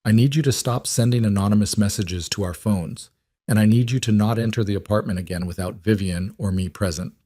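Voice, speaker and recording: Guy doing a calm steady dad, low quiet voice, firm. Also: fairly quick, no echo, clean studio sound, natural voice. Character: calm, steady former soldier, a single dad.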